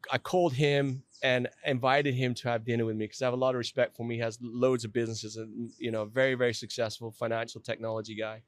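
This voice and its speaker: A man's voice: medium pitch, no echo, studio quality. A middle-aged man telling his own story in a podcast interview, candid and self-deprecating, often restarting his sentences.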